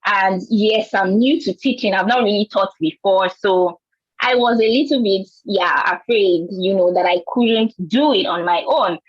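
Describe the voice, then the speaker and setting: A woman's voice: mid-range voice, measured pace, husky, no echo. Nigerian woman on a panel, earnest storytelling, dry kinda muffled sound. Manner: earnest, storytelling, repeats words. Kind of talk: panel discussion.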